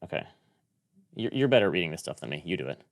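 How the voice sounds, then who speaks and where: A man co-hosting a finance podcast, explaining things briskly in casual chat and repeating words. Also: low voice, big pitch swings, creaky. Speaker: podcast co-host.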